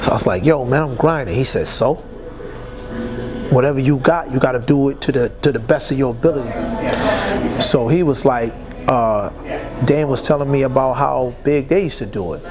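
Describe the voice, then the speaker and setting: A man's voice: medium pitch, moderate pace. A man telling a story in a casual interview, acting out the dialogue in street slang. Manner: animated, acts out quoted dialogue in street slang.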